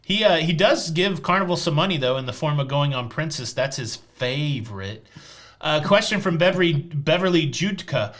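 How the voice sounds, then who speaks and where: A man with a Southern Tennessee accent hosting a live cruise chat show, answering viewer questions with a teasing, deadpan sense of humor. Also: on the high side, normal speed. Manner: joking and teasing, deadpan jokes.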